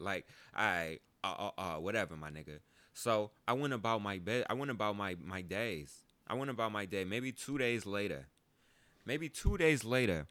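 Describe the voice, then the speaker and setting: A man in his twenties hosting a podcast, telling a story in a casual, profane, animated way and jumping into high mocking voices. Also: no room sound. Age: 20s. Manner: animated, profane, jumps into high mock voices when quoting. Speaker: podcast host. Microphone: close podcast mic.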